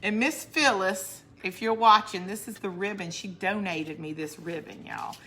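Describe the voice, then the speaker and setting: A woman's voice: mid-range voice, animated, moderate pace, fairly bright tone. A woman hosting a casual crafting livestream. She chats to her viewers, laughs often and answers their comments as she works. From northern United States. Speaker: crafting channel host.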